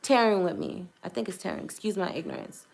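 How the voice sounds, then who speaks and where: A woman's voice: fairly low pitch, wildly swooping pitch, fast, vocal fry. A young woman vlogger telling a personal testimony to camera in an earnest, hesitant way, choosing her words carefully.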